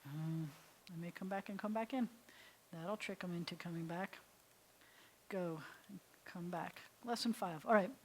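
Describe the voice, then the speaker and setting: Unhurried and pausing often, a rabbi with a fairly low, slightly mellow voice gives a relaxed beginner Hebrew lesson, joking through her explanations and chatting to her computer while she works. There's slight background noise.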